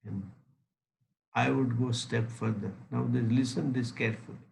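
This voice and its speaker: A man's voice: mid-range voice, fairly even intonation, creaky, slight background noise, low-quality recording. A man giving a spiritual lecture as a teacher, making his points emphatically and illustrating them with a story. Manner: deliberate, anecdotal, emphatic.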